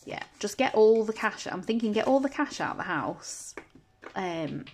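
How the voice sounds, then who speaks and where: A woman chatting casually at home as a budgeting vlogger, counting banknotes aloud in a steady patter. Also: medium pitch, normal speed, slight background noise. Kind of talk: casual chat while counting cash.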